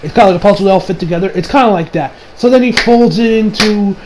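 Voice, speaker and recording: A man's voice: sits high, fast talker, a little mellow, slight background noise, poor audio. A man recapping an anime episode in a casual, rambling way, swearing and correcting himself as he goes. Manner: rambling, profane, self-correcting. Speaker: anime reviewer.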